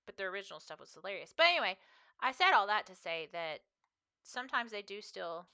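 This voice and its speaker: Bright-voiced chatty woman streamer. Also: medium pitch, sing-song, fairly quick, smooth. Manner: chatty and rambling, talking to chat. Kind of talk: casual chat while gaming.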